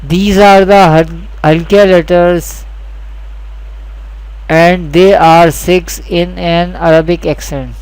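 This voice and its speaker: A man teaching Quran reading rules in a slow, deliberate lesson, repeating each key point and speaking English with a South Asian accent. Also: high-pitched, fairly even intonation, darkish tone, clear, resonant tone, rough recording. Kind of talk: slow scripted lesson narration.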